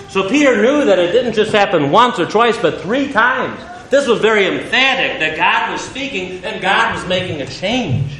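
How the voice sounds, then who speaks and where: Here a man teaches from a Bible passage while preaching, his delivery animated and emphatic and punctuated by dramatic pauses. A faint rumble sits under the echoey room sound.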